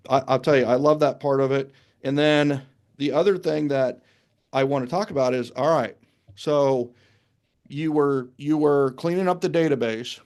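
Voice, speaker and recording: A man hosting a podcast interview in casual, energetic talk, hyping up his guest. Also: medium pitch. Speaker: podcast host.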